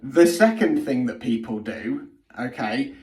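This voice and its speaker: A man's voice: mid-range voice, expressive, unhurried, a little mellow. Guy ranting bluntly, swears a lot, keeps saying okay, sounds a bit far from the mic in a roomy space. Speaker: spiritual healing vlogger. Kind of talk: blunt direct-to-camera monologue.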